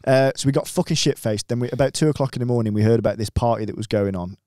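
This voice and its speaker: Fast-talking, sweary man telling a story. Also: medium pitch, dry recording, clean studio sound. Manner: swearing, animated anecdote telling. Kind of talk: casual podcast chat.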